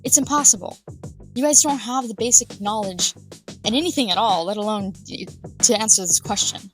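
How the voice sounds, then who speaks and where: A young woman vlogger giving indignant, sarcastic reaction commentary, sometimes drawing words out slowly for emphasis. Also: mid-range voice, fairly bright tone, faint music behind. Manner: pauses to over-stress words slowly.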